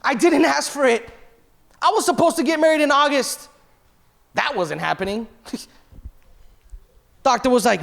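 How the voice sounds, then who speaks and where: Delivering a church sermon, a pastor in his thirties offers an emotional, confessional personal testimony in which he quotes himself and others. His voice is extremely high, gravelly, and fairly bright, expressive at a measured pace with long pauses.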